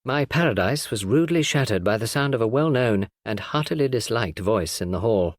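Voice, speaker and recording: A man narrating a classic novel in a measured storytelling read. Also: medium pitch, animated, no room sound. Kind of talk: audiobook narration.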